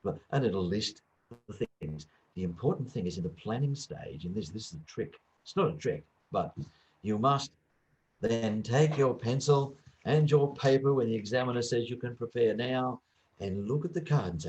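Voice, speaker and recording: A man who works as an English teacher and former examiner, talking through teaching advice in a relaxed interview and acting out little classroom exchanges. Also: mid-range voice, moderate pace. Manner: lively, acts out little classroom dialogues. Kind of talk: conversational interview.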